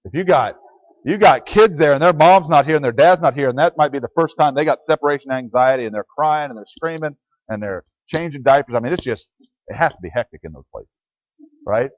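This is a man with a fairly high, brisk voice preaching a conversational church sermon as pastor, plainly answering questions he puts to the congregation. The audio has no echo and comes across as dry, dull lo-fi.

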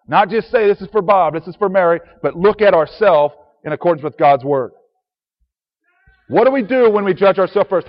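A man preaching a sermon earnestly, reading scripture aloud in old-fashioned biblical wording. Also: sits high. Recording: dull sound with long reverb.

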